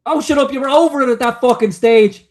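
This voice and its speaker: A man's voice: very high-pitched, fast, a little mellow. A man co-hosting a casual reaction chat, swearing, mocking and laughing often. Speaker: co-host.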